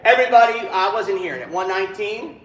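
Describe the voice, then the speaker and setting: A man's voice: high voice, quick pace, a bit bright. A man directing a choir rehearsal, counting in the singers and singing phrases to show them. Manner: counts in and sings phrases to demonstrate. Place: large echoey rehearsal hall. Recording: roomy hall with choir and piano behind. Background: choir singing and instruments.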